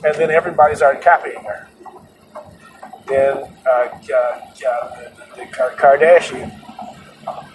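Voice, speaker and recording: A chatty man rambles through a casual monologue from inside a moving car, chuckling now and then and circling back on his thoughts. His voice sits at an ordinary middle pitch. Steady road noise hums clearly underneath. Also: measured pace, long pauses. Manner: chatty, laughs often, many restarts. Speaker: podcast host. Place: moving vehicle.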